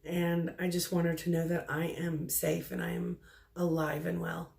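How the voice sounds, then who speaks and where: Her pitch is fairly low, her delivery flat and creaky. She's a middle-aged psychic medium, hesitantly relaying messages from the spirit world in a soft voice full of pauses and restarts.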